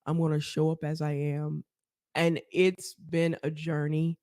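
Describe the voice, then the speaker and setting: Animated woman telling her story. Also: low-pitched, unhurried, dry recording. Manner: animated, laughs often, acts out quotes. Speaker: podcast guest, therapist. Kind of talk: casual storytelling interview.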